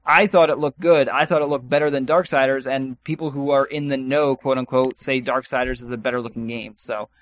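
Rambling through a casual chat with lots of ums and restarts, this podcast co-host speaks briskly with few pauses. His voice is mid-range, fairly bright, and fairly even in intonation.

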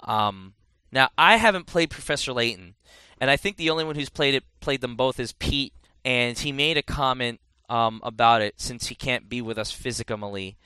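A man's voice: medium pitch, moderate pace, bright, forceful tone, clean tone, no room sound. A man in casual podcast chat, rambling and correcting himself as he reviews a game. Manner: rambling, self-correcting, chatty.

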